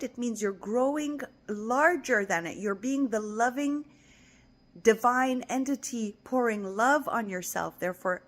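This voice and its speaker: A woman giving a casual motivational talk as a spiritual coach, soft and affectionate, repeating encouraging phrases and often dropping to a whisper. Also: medium pitch. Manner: repetitive, encouraging.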